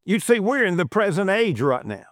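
A man's voice: high voice, very animated, normal speed, no room sound, clean studio sound. A man preaching a sermon, emphatic and repeating phrases for stress. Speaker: pastor.

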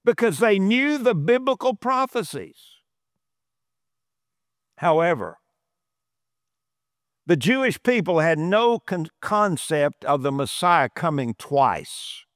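A man's voice: high voice, big pitch swings, slow, long pauses, no echo, studio quality. A man preaching a sermon, emphatic and repeating phrases for stress. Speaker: pastor.

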